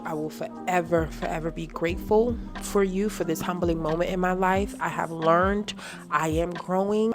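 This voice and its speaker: A woman telling an animated, faith-filled story to her viewers in casual chat. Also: fairly low pitch. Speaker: vlogger. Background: music.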